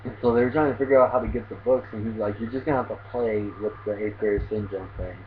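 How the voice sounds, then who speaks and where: A man's voice: on the low side, steady tone, quick pace. A man hosting his own anime review channel, retelling an episode in a casual, rambling way full of fillers. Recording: tinny phone-like audio, faint hiss.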